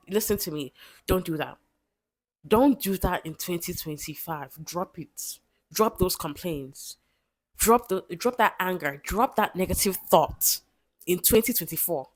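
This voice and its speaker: A woman's voice: medium pitch, expressive, moderate pace, no room sound. A woman, giving a casual motivational talk to camera, repeating herself with pleading, emphatic encouragement. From Nigeria. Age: 20s. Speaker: vlogger.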